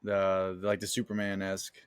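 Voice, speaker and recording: A man's voice: sits low, monotone, normal speed, clean tone, dry recording, clean studio sound. A young man co-hosting a podcast, chatting loosely about movies with lots of "like" fillers and swearing. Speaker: podcast co-host. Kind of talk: casual movie chat.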